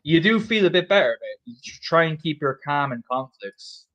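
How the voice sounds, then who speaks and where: A man's voice: a little high, very animated, moderate pace, a bit bright, dull audio. A young man chatting casually and emphatically, swearing often and repeating himself as he makes his point. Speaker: host. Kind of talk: casual pub chat.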